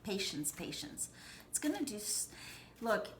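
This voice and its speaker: A woman's voice: mid-range voice, big pitch swings, measured pace, echoey room, a little hiss or hum. A woman giving a casual tarot reading from home, chatty and reassuring, rambling with lots of fillers and restarts. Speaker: tarot reader.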